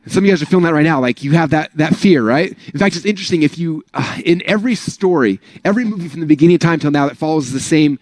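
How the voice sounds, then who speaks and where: A man talks quickly and loosely, a little higher than most men, in a motivational pep talk peppered with "like" and "right?". The sound is close and dry, with no room around it. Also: a little mellow, dry recording. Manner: casual, rambling, full of "like" and "right?". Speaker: speaker at an online business training.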